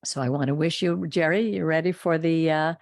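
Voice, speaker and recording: A woman's voice: low-pitched, fairly quick, a little mellow, dry recording, studio quality. A woman hosting a Torah study talk, speaking earnestly and with emphasis. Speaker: host of a Torah study program. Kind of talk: teaching talk and closing blessing.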